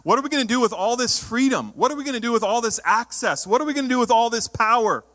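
A man preaching a sermon as pastor, emphatic, sometimes rising to loud exhortation. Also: very high voice, expressive, fast talker, in a large hall.

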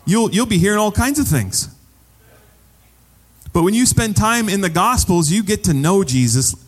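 A man's voice: high-pitched, animated, normal speed, long reverb tail. A man preaching a sermon as pastor, conversational and repeating phrases for emphasis.

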